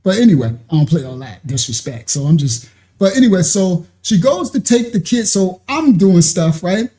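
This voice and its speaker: Laughing man telling a lively story. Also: high-pitched, moderate pace. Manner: animated, laughs often, acts out quoted voices. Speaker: show host telling a personal story. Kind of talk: casual storytelling.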